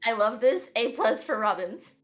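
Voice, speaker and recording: A woman playing a tabletop game, talking in a quiet, halting, hesitant way. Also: fairly high pitch, lively intonation. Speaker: player. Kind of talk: casual tabletop play.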